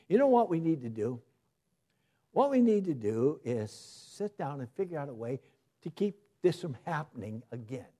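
A man preaching a sermon, shifting from loud emphasis to soft asides. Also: on the high side, sing-song, normal speed.

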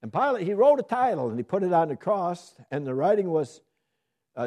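A man leads a Bible study in a sermon style, with a voice that sits a little high and swings widely in pitch. He poses questions and answers them himself, and he builds into emphatic peaks. His tone is mellow and soft-edged. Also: brisk. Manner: lively, asks questions and answers them, rising to emphatic bursts. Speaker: Bible teacher.

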